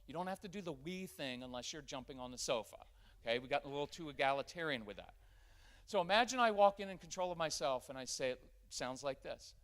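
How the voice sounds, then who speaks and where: A middle-aged man giving a live workshop talk in a church, energetic and conversational. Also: on the high side. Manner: energetic and conversational, acting out quick family scenes. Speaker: parenting workshop speaker. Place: church gathering with a live audience.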